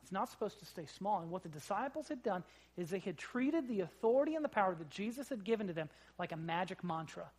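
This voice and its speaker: A pastor preaching a sermon in a conversational, joking way, swinging between loud emphasis and quiet asides. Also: medium pitch, animated, quick pace. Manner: conversational, with jokes and acted-out quotes.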